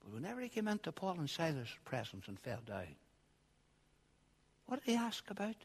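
A man preaching a sermon, swinging from quiet asides to loud, shouted passages. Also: on the high side, huge pitch swings, normal speed, slightly rough. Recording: long hall reverb.

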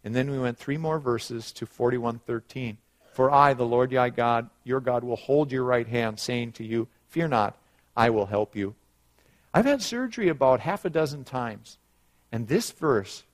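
A middle-aged man preaching a sermon, rising loud on scripture and dropping quiet for personal stories. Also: medium pitch, normal speed. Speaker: pastor.

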